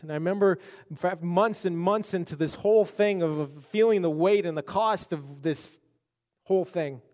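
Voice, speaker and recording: A man preaching a sermon and telling a personal story, halting and repeating words as his intensity builds. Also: high-pitched, darkish tone, big-room sound. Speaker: pastor.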